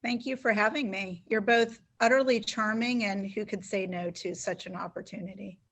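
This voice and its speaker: A woman's voice: mid-range voice, fairly even intonation, moderate pace, a bit bright. A woman guest on a podcast, answering questions in an articulate, gracious way. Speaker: podcast guest, business owner. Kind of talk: interview answers.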